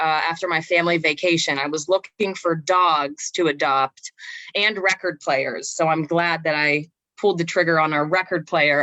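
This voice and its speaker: A woman's voice: low-pitched, bright, forceful tone, no room sound, lo-fi sound. A young woman co-hosting a casual podcast chat, talking in a loose, laughing way and often restarting her sentences. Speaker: podcast co-host.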